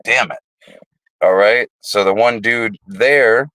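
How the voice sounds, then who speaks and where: A man's voice: lowish voice, a little slow, fairly bright tone, no echo, rough recording. A man hosting a casual livestream, telling rambling, profane stories. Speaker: livestream host.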